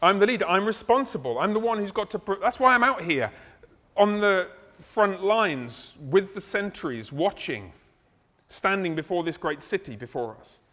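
Brash army commander guy demanding answers, a preacher acting him out, bit higher voice, big echoey hall. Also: expressive, moderate pace, pushed and bright. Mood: self-important. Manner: blunt, casual, demanding. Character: adult male army commander, brash and self-assured. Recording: long hall reverb.

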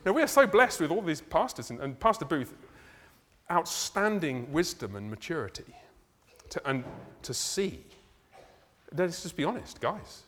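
Animated man preaching in a hall. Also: a little high, unhurried, slight background noise. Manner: animated, conversational with laughs and asides. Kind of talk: sermon. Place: church. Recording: reverberant hall.

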